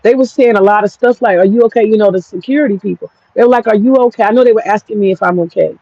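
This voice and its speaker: A woman's voice: medium pitch, rapid-fire, warm tone, no room sound, muffled recording. An American woman with an African American English accent, telling a personal story in a frank, profane, rambling vlog. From United States. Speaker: vlogger.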